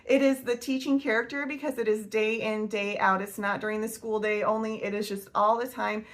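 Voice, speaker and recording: A woman's voice: on the high side, fairly even intonation, a little fast. A woman, talking casually to camera as a homeschool vlogger, chatty and laughing often. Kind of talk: casual faith-based talk to camera.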